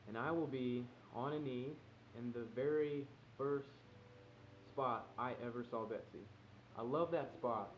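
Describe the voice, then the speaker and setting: A young man talking to camera in an earnest, excited way, explaining a plan to his friends. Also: mid-range voice, unhurried, muffled recording, a little hiss or hum. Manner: earnest and excited, reads a heartfelt letter softly. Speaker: vlogger planning a proposal. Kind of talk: casual direct-to-camera talk.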